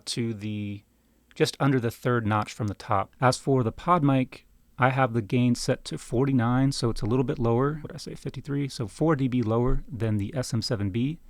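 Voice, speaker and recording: A microphone reviewer with a mid-range voice casually demonstrates gear, talking close between two broadcast dynamic mics at his desk. He's chatty and self-deprecating, putting questions to the listener, and the recording has no echo.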